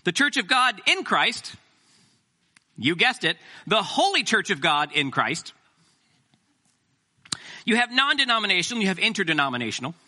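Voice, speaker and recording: A middle-aged man preaching a sermon as pastor, animated and joking with the congregation. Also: high voice, moderate pace, long pauses.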